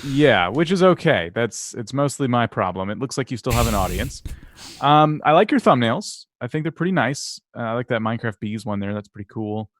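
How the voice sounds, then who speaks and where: A man giving casual channel feedback in a relaxed, thinking-aloud way. His voice is mid-low, and it is recorded dry and close with no room echo. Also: a little fast. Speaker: co-host reviewing channels. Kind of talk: casual channel review chat.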